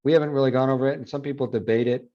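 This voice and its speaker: A man teaching a phonetics class review, explaining and repeating words slowly to model pronunciation. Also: mid-range voice, fairly even intonation. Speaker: Spanish phonetics instructor. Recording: dull lo-fi classroom recording.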